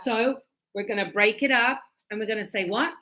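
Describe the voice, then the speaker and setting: A woman teaching an English grammar lesson to a class, animated and teasing, acting out her students' replies. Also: on the high side, moderate pace.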